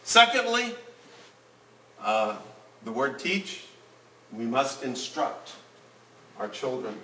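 A man's voice: mid-range voice, sing-song, slow, bright, forceful tone, slight background noise. A man teaching a Bible class in an earnest tone, reading scripture aloud to the group. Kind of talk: Bible lesson. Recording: roomy room, mic at a distance.

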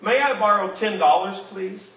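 A man's voice: high-pitched, normal speed, sharp tone, voice pushed up. A man voicing an eager five-year-old boy who pleads with his father, in a story read aloud. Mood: pleading. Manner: earnest and pleading. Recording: roomy room, mic at a distance.

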